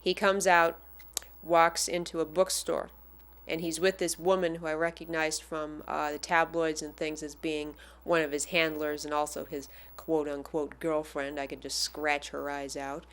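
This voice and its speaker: A woman casually telling a personal anecdote as a fan, animated and acting out the people she quotes. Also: low-pitched, measured pace. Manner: animated, acts out the voices of the people in her story.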